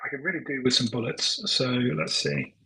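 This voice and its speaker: A man thinking aloud while he live-codes, muttering and halting, full of ums and self-corrections, now and then dictating prompts to the computer. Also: medium pitch, vocal fry, bright, forceful tone, slight background noise, rough recording. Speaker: tech founder live coding.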